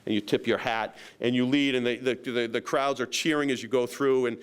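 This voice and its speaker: A man talks at a local meeting as a county sheriff. His voice is smooth and resonant, at an ordinary pitch for a man. He tells his story in a loose, rambling way, with many fillers and a self-deprecating humor. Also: fairly even intonation, brisk.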